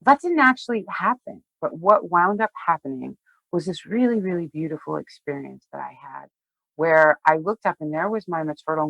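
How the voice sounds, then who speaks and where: A woman guest on a podcast, sharing a personal story in a heartfelt, emotional way, often halting and restarting. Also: sits low, creaky, fairly bright tone, dry recording, rough recording. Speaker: tarot reader, guest.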